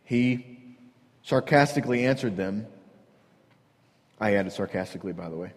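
A man's voice: lowish voice, normal speed, long pauses, long reverb tail. A man preaching a sermon as pastor, earnest and repetitive, pressing his point with rhetorical questions.

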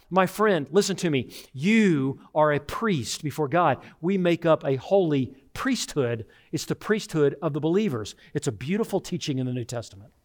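A middle-aged man, a pastor, preaching a sermon in an earnest, direct way with repeated phrases. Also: high-pitched.

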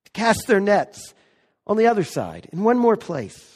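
A man preaching a sermon as pastor, stressing key words slowly and with emphasis. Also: high voice, huge pitch swings, a little mellow, long reverb tail.

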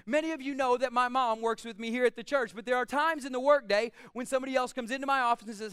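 High, crisp-voiced preacher man. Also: quick pace, hardly any pauses, no room sound, clean studio sound. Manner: emphatic, rising to shouts on key phrases. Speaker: pastor. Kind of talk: sermon.

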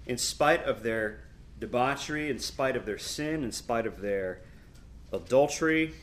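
Animated male Bible teacher reading scripture. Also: mid-range voice, unhurried. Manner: animated, reads scripture aloud with emphasis and asides.

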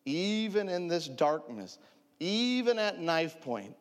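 Animated man in his forties, echoey hall. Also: a little high, takes it slowly. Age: 40s. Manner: animated, self-mocking, laughs often. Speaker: preacher sharing testimony. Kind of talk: humorous storytelling sermon.

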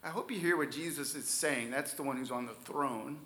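A man preaching a sermon, stressing key words loudly and then dropping to near-whispers. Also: mid-range voice, moderate pace, echoey room, a little hiss or hum. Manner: emphatic preaching, swings from loud stresses to soft near-whispers. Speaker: pastor.

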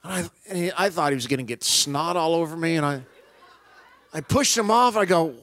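A man preaching a personal testimony, telling it as an animated story and acting out both sides of the dialogue. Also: a little high, moderate pace, long pauses, no room sound.

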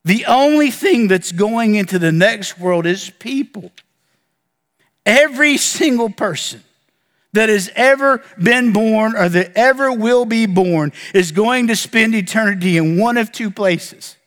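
High-voiced preaching pastor in a reverberant church. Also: male voice, fairly bright tone. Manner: earnest preaching with dramatic pauses and lists. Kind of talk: sermon.

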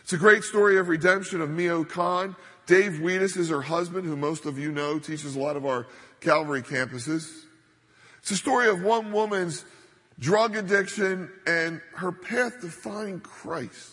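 Emphatic pastor preaching in a reverberant hall. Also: male voice, high-pitched, a little slow, sharp tone, husky. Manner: emphatic, building to stressed points. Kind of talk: sermon.

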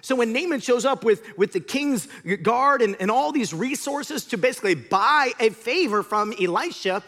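A man preaching a sermon, telling the story in an animated way and swinging from loud to hushed. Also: very high-pitched, normal speed. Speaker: pastor.

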